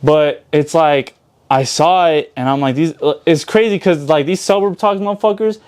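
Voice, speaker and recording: A man's voice: on the high side, moderate pace, a little mellow, smooth. A young adult man as an interview guest, telling his side in a casual, slangy podcast talk full of swearing.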